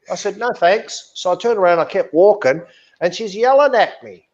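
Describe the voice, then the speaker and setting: A man's voice: high voice, normal speed, darkish tone, muffled recording. A man telling a story in casual podcast chat, blunt and indignant, swearing freely. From Australia. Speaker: podcast co-host.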